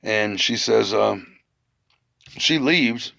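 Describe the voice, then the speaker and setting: A man's voice: fairly low pitch, drawn-out words, vocal fry, bright, forceful tone, no echo. A middle-aged man telling a rambling personal story, full of fillers and repeated words. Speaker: vlogger. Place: living on the road, camp.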